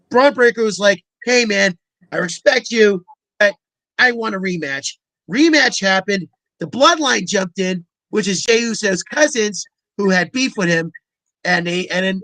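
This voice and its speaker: A man in his thirties co-hosts a casual comedy chat. He rambles and talks with little inflection. His voice is bright and close, with a dry, roomless sound. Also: high voice, no room sound, low-quality recording. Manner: rambling, flat delivery. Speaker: co-host.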